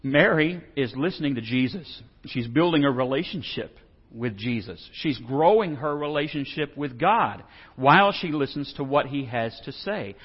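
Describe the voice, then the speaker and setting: A man's voice: mid-range voice, lively intonation, moderate pace, husky. A man from Texas, teaching a Bible lesson in a folksy, joking way and asking the audience questions. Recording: dull reverberant hall sound.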